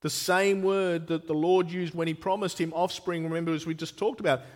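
A man preaching a sermon, expressive, slowing down and getting emphatic when he voices scripture. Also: fairly high pitch. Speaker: pastor. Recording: long reverb of a church hall.

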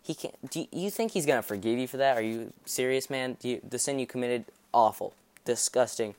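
A man voicing the devil as a scornful male tempter who taunts in slow, mocking lines during a podcast sermon. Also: medium pitch, darkish tone, no echo, close to an everyday voice. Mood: taunting.

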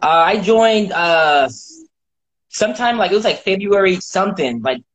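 A man's voice: sits high, expressive, moderate pace, lo-fi sound, noisy background. A man giving a casual testimony as a course member, easygoing and full of filler phrases. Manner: easygoing, heavy on "you know what I'm saying". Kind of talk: casual live-stream chat.

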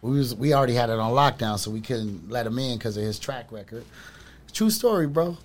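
A man's voice: medium pitch, animated, brisk. A middle-aged man in casual chat, telling long rambling stories in street slang. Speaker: storyteller on a podcast.

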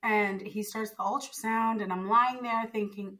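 A young woman from Zimbabwe, a podcast guest, tells her story in a bright, lively voice. She slips into the other people's lines as she quotes them, and she fills her speech with casual fillers. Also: medium pitch, normal speed, few pauses, low-quality recording. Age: young adult. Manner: animated storyteller, acts out quoted dialogue, frequent fillers.

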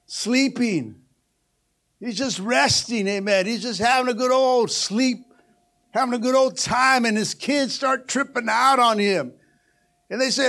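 An older man, a pastor, preaching a sermon with fervent energy, often calling out "amen" and rising to shouts. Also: very high voice, unhurried. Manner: energetic preaching with frequent "amen" and "come on, somebody", climbing to shouts.

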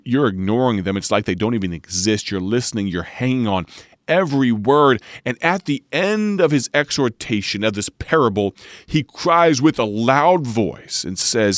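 A man, a radio preacher reading scripture and teaching in a slow, measured way, drawing out key words. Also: on the low side, no room sound, studio quality.

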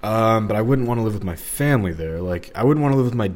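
A man's voice: fairly low pitch, animated, fast talker, a little mellow. A young man from the St. Louis area, talking casually and rambling on a solo podcast, with lots of fillers and restarts. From Missouri, St. Louis area. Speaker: podcast host.

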